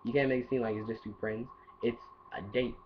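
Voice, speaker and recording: A man's voice: mid-range voice, level tone, fairly quick. A man giving casual dating advice in a rambling, playful monologue full of asides. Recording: dull lo-fi audio with faint hiss.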